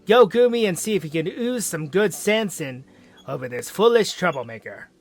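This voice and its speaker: A man's voice: sits high, animated, normal speed. A man voicing a boastful, proud male clan warden for a game, with pompous, grandiose declarations.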